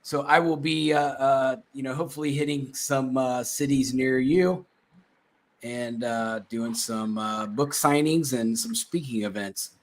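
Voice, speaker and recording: A man's voice: mid-range voice, measured pace. A man hosting a casual chat show, rambling and self-mocking with plenty of fillers and restarts. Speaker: show host.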